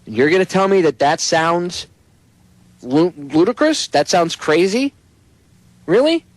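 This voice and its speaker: A man's voice: on the high side, expressive, unhurried, dry recording, low-quality recording. A man hosting a talk radio show, ranting in an emphatic, sarcastic and profane way. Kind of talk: casual talk radio chat.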